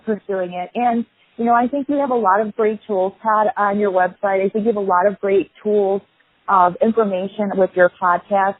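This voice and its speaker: A woman's voice: mid-range voice, no room sound. A woman guest in a business interview who sounds practical and encouraging, often checking in with "right?". Her mid-range voice is dry and close. The sound is thin and phone-like. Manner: practical and encouraging, tag questions. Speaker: guest, home builder. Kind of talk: conversational interview.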